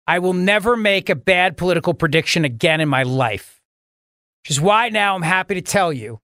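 A man's voice: on the high side, lively intonation, normal speed, a bit bright, no room sound. A man hosting a talk radio show, joking in a mock-melodramatic, self-deprecating way from a studio.

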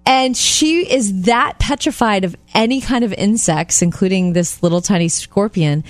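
A woman co-hosting a radio talk show, telling anecdotes in casual chat and acting out quotes in high voices. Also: moderate pace, dry recording. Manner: animated storyteller, acts out quotes in high voices. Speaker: co-host.

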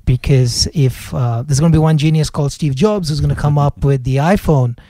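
A man's voice: on the high side, a little fast, warm tone, dry recording. A man co-hosting an investing podcast, explaining his view with careful restarts. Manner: thoughtful, explains with restarts and fillers. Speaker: podcast co-host, investment analyst. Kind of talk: casual podcast chat.

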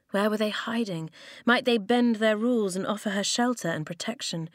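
Woman narrating a storybook, calm and even, dry close sound. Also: medium pitch, dry recording. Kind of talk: audiobook narration.

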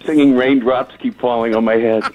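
A man's voice: medium pitch, fairly even intonation, a little fast, mellow. A male caller from Massachusetts phoning in to a sports radio show, joking and dropping film references. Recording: muffled phone-line call.

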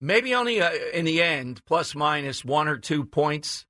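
Brash bright-voiced radio host. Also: male voice, a little high, sing-song, a little slow, no room sound, clean studio sound. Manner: brash, chuckling asides. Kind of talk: opinionated political talk radio.

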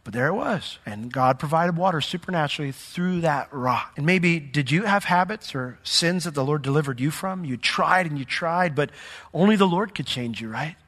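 A man preaching a lively sermon in a church, mixing stories and humor into his teaching. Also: on the high side, moderate pace. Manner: lively storytelling with humor and asides. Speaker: pastor. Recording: hall reverb from a church sanctuary.

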